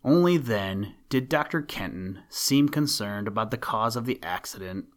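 A man narrating a storybook in a measured, even reading voice. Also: lowish voice.

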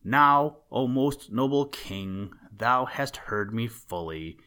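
A man's voice: medium pitch, animated, slow pace, pushed and bright. A man reading the declaiming lines of an accusing noble count in a storybook tale. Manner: ringing, declaiming.

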